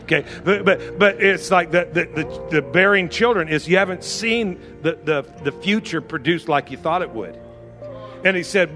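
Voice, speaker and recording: In a church sanctuary, a pastor in his fifties preaches a sermon over faint music, urging the congregation on with fervent, repetitive exhortations and direct asides to listeners. His voice is a little high, pushed and bright, at a moderate pace.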